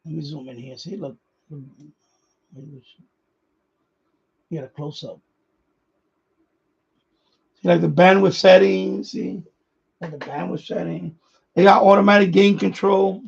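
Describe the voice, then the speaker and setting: A man's voice: sits high, measured pace, vocal fry, long pauses, slightly rough, dull audio. A man hosting a radio hobby live stream, chatting casually in a rambling way, repeating himself and chuckling often.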